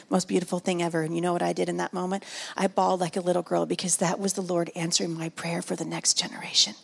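A middle-aged woman giving a sermon at a women's retreat, telling a personal story. She moves between hushed and loud, repeats phrases for emphasis and jokes with the audience. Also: fairly low pitch, little pitch movement, fast, creaky, breathy edge. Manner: emotional, builds from hushed to loud and back. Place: large room at a women's retreat.

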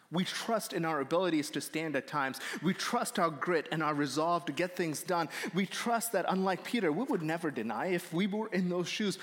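Earnest guy preaching in a church, kinda high voice, big hall echo. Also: lively intonation, moderate pace, hardly any pauses, fairly bright tone. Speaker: pastor. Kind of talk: sermon. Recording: long reverb of a hall.

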